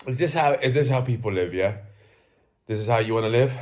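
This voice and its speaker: A man's voice: medium pitch, brisk. A young man in a candid vlog who is groggy, sneezing and coughing, rambling and swearing as he runs himself down. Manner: rambling, self-deprecating, swears freely. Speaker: self-improvement coach. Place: indoors, sitting at home. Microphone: camera facing him.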